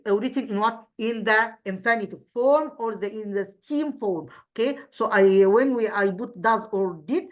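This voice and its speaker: A woman teacher with an Egyptian accent, a native Arabic speaker, reviewing English grammar for an exam, halting, with many restarts, asking and answering her own questions. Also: mid-range voice, dull audio.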